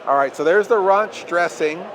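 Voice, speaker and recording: A horror show host riffs his way through comedy banter, halting and restarting as he jokes. His voice is a man's, slightly on the high side, with a clear layer of background noise behind it. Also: fairly bright tone, some chatter behind. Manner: rambling, halting, jokey.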